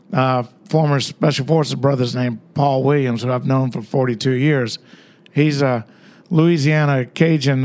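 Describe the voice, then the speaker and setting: An older man, a guest author, telling stories in a rambling, conversational way with many fillers. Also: mid-range voice. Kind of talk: casual storytelling interview.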